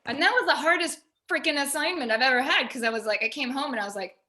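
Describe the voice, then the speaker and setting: A woman on a video call at home, telling a personal story in an animated way and quoting herself and others. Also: high-pitched, fast talker. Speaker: featured artist guest. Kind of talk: casual video call discussion.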